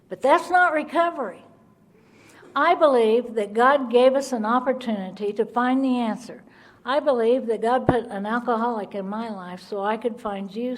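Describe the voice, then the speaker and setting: Lady sharing her al-anon story, blunt, earnest, middle-aged, talks straight. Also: on the high side. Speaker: Al-Anon speaker. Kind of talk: recovery talk, personal story.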